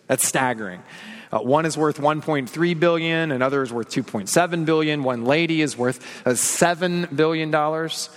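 A man's voice: on the high side, in a large hall. A man preaching an earnest, confessional sermon, leaning on repeated phrases and rhetorical questions. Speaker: pastor.

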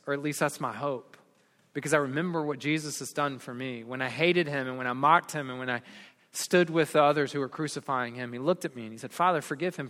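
Preaching man in a reverberant hall. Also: medium pitch. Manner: storytelling preacher, builds up and drops to soft earnest tones. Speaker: pastor. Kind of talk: sermon.

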